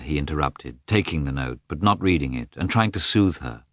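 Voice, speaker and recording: A man narrating a classic novel as an audiobook, in an expressive, measured telling. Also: extremely low pitch, dry recording, studio quality.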